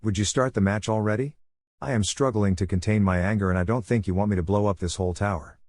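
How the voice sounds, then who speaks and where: A man voicing a deadpan, menacing teen ninja. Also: on the low side, quick pace, no echo, close to an everyday voice. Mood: cold. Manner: deadpan, cold. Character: calm, menacing masked teen boy ninja.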